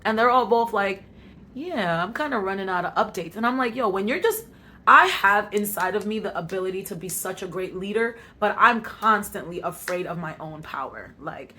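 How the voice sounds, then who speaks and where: A woman's voice: mid-range voice, sharp tone. A young woman with an African American Vernacular English accent, talking candidly to her camera in a casual vlog, reflecting on herself and talking herself into confidence. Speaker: vlogger.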